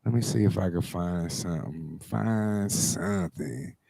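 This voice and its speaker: A man's voice: sits low, measured pace, creaky, no room sound, clean studio sound. A man acting as DJ co-host on a live stream, talking casually and hyping up the chat. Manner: relaxed, hypes the audience.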